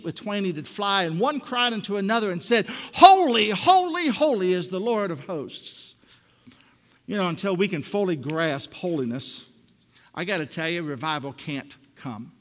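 A man preaching a sermon as pastor, moving between hushed passages and loud, emphatic stretches. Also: high-pitched, in a large hall. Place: church sanctuary.

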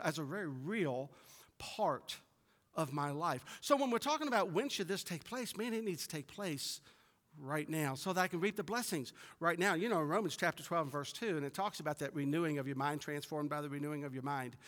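A middle-aged man preaching a sermon, building to emphatic peaks and then dropping soft and low. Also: expressive, a little fast. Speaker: pastor. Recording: long reverb of a large hall.

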